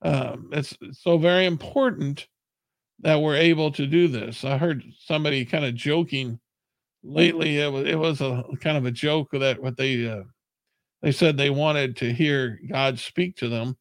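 Gravelly-voiced man preaching a sermon. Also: fairly high pitch, moderate pace, dry recording. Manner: earnest, plain-spoken preaching.

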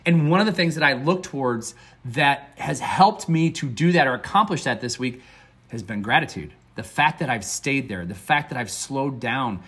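A man's voice: mid-range voice, lively intonation, normal speed, fairly bright tone, breathy edge. A man hosting a motivational podcast as a success coach, talking in an upbeat, earnest, conversational way with fillers and restarts.

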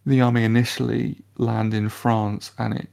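A man's voice: medium pitch, flat delivery, normal speed, vocal fry, darkish tone. A man co-hosting a film podcast, reviewing a score in casual chat with many restarts. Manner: hesitant, many restarts and fillers. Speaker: podcast co-host.

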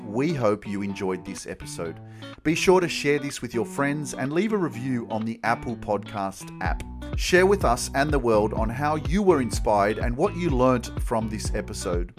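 A man hosting a podcast, closing an interview and signing off in an encouraging way with many fillers. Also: mid-range voice. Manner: warm encouraging sign-off with fillers. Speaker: podcast host. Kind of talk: interview wrap-up and show outro.

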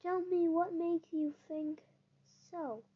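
A woman reading aloud voices a vain, beautiful young woman in a white dress who gushes and then turns sharp and dismissive. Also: very high voice, flat delivery, takes it slowly, highs cut off, pitched above the performer's own voice. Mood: gushing.

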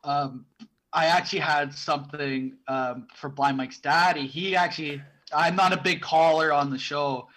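A man's voice: fairly high pitch, steady tone, moderate pace, a bit bright, low-quality recording. A young man co-hosting a podcast in casual chat, rambling with many restarts. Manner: rambling, full of restarts and fillers. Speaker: podcast co-host.

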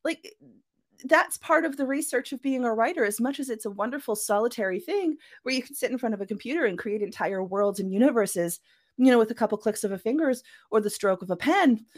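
Interviewed on a podcast, this author talks a little fast in a slightly high, animated voice. She keeps it casual and chatty, slipping into small quoted voices as she makes her point.

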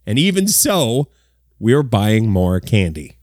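A man hosting a comedic news countdown, animated and full of jokey asides. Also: mid-range voice, slow, no room sound, clean studio sound. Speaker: host of a countdown segment.

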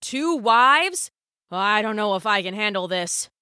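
A woman's voice: medium pitch, animated, a little slow, pushed and bright, clear, resonant tone, no room sound, clean studio sound. A woman voicing a flustered middle-aged male farmer who is easily rattled, in a storybook tale.

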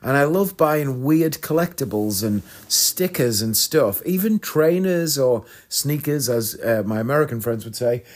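A man's voice: medium pitch, expressive, a little slow, few pauses. A chatty man tells a casual story in a mid-range voice. He is a magician and acts out his own punchlines with a dry, self-deprecating touch.

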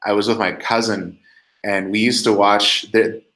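A man co-hosting a podcast, telling stories in an animated way with many restarts. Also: fairly low pitch, normal speed. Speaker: podcast co-host. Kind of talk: casual chat. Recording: echoey room.

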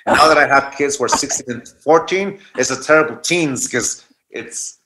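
Bright-voiced man telling a story. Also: medium pitch, moderate pace. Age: 40s. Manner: anecdotal, restarts mid-thought. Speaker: guest speaker. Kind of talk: reflective storytelling talk.

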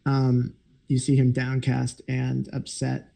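A man narrates a tabletop game as its game master, pausing often and filling gaps with ums. His voice is low-toned and gravelly, and he takes his time. The delivery stays mellow throughout. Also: monotone. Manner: halting, many fillers.

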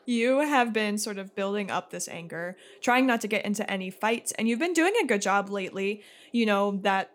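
A woman's voice: medium pitch, lively intonation, moderate pace, hardly any pauses. A woman narrating a tabletop role-playing game as game master, casual and laughing often.

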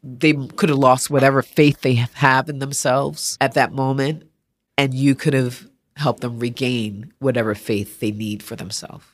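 A rumbling low, unhurried voice belongs to a woman artist on a podcast. During the interview she's an animated storyteller, voicing the people she quotes.

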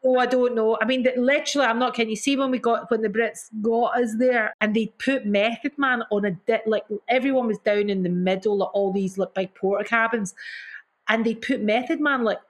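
A woman's voice: fairly high pitch, fairly even intonation, brisk. A middle-aged woman, a singer being interviewed, telling stories in an effusive way, repeating herself and acting out quotes. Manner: acts out quotes with gasps and mimicry. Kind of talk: casual storytelling in an interview.

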